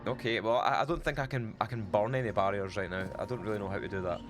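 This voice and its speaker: A man's voice: lowish voice, steady tone, fast talker, over loud music. A man with a Falkirk Scottish accent streaming a game and chatting to his viewers in a rambling, casual way. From Scotland. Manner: rambling, chatty, talks to chat. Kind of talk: casual gameplay chat.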